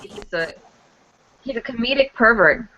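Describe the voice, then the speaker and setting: Bright-voiced enthusiastic woman guest. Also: fairly high pitch, animated, measured pace, highs cut off. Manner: knowledgeable, enthusiastic film buff. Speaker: podcast guest, cosplayer. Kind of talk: casual chat.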